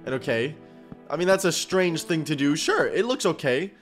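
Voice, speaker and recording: A young man giving excitable, slang-heavy reaction commentary on game clips, laughing often. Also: fairly high pitch, normal speed, faint music behind.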